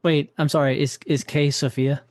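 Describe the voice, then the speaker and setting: A man's voice: a little high, flat delivery, normal speed, darkish tone, no echo. Easygoing man, dry close sound. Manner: easygoing, hedging, apologetic asides. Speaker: podcast co-host, teacher. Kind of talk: casual chat.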